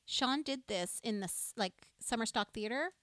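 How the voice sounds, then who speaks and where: A woman's voice: fairly high pitch, expressive, normal speed, fairly bright tone, no echo. Woman, co-host, enthusiastic storyteller, dry close sound. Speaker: livestream music show co-host. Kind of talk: casual chat with live viewers.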